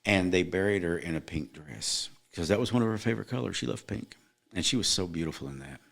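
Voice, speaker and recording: Deep-voiced middle-aged man telling a story. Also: quick pace, creaky, fairly bright tone. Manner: earnest, emphatic storyteller. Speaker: podcast guest. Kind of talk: personal storytelling in casual podcast chat.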